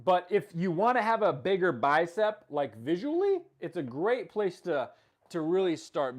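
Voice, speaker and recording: A fitness coach runs a live stream in an upbeat, fairly high voice, greeting viewers and answering chat comments. He laughs often and repeats words for emphasis.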